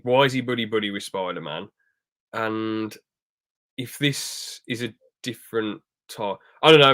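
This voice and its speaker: A man's voice: on the low side, bright, forceful tone. A young man reviewing a film on a podcast in casual chat, rambling and restarting his sentences, acting out quotes as he goes. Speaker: podcast host.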